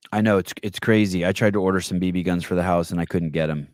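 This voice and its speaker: A man hosting a podcast, chatting casually and telling stories with quick back-and-forth retorts. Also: sits low, no echo, studio quality. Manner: animated storyteller, quick retorts. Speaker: podcast host. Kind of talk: casual chat.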